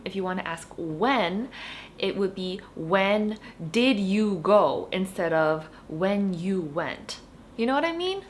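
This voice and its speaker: A woman giving a casual online Korean lesson, chatting in English and saying each Korean example slowly and clearly, then repeating it. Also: mid-range voice, fairly bright tone, a little hiss or hum. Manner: chatty, explains with "like" and "you know". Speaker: Korean language teacher.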